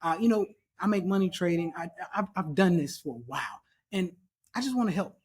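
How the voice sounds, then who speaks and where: A man's voice: high-pitched, animated, fairly quick, slight background noise. A man teaching trading in a casual chart walkthrough, emphatic and repetitive, drilling his points home.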